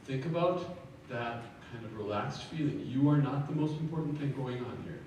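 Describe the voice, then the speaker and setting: A man leading a choir rehearsal, giving brisk feedback on phrasing and breathing, counting the singers in and singing short sample phrases. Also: mid-range voice, a little mellow, muffled recording. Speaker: choir clinician. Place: large echoey rehearsal hall. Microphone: room recording from a distance. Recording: echoey hall from far off, faint noise.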